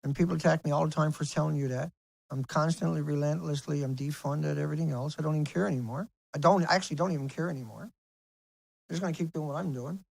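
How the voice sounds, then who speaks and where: A man's voice: on the high side, fairly even intonation, fast, creaky, no echo, rough recording. A man ranting to camera in an angry vlog, heated and profane, repeating himself. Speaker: video blogger.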